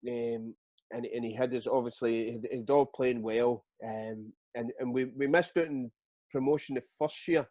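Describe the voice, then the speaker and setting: A Scottish man in his forties, a guest telling stories in a casual interview, halting and repeating words as he goes. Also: medium pitch, dry recording. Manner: lively storyteller. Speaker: guest, retired footballer.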